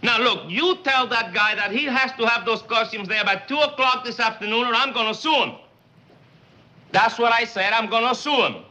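An actor with a Cuban accent playing a hungry, harried husband in a 1950s sitcom. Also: male voice, very high voice, moderate pace, sharp tone, full character voice, poor audio. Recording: old TV audio with background noise.

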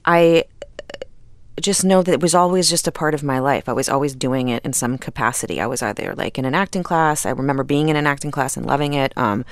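Actress in her middle years, gravelly creaky voice, dry studio sound, rambles a lot. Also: very deep voice, a little fast, no room sound. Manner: chatty, rambling with fillers and restarts, laughs often. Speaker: actress, interview guest. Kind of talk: casual interview conversation.

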